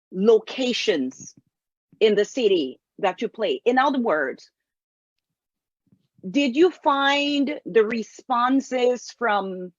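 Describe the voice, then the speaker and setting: A woman host asking careful, deliberate interview questions. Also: fairly high pitch, no echo. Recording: dull lo-fi sound.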